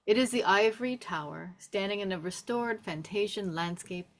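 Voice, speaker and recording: A woman reading the stage directions in a table read, with steady, descriptive narration. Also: medium pitch, normal speed.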